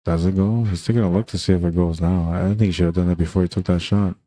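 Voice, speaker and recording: A man with a low, dark, mellow voice calls a pool match in a relaxed, chatty way. He talks casually to viewers, tossing in "man" and easy asides between shots. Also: quick pace, no echo. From Canada. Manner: laid-back, chatty, says "man" often. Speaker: pool commentator. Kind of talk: casual live commentary.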